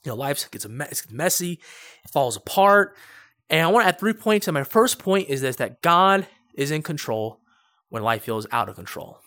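A man's voice: a little high, very animated, moderate pace, bright, forceful tone, no echo. A man pastor preaching a sermon, building to emphatic, repetitive points. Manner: rising to emphatic preaching with repeated phrases.

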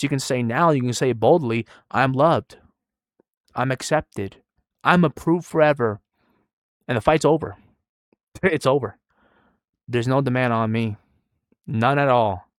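Man in his twenties, sermon, soft-spoken, conversational, tired, mid pitch, dry. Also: no echo. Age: 20s. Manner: soft-spoken, conversational, trailing quiet between emphatic rises. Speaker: preacher.

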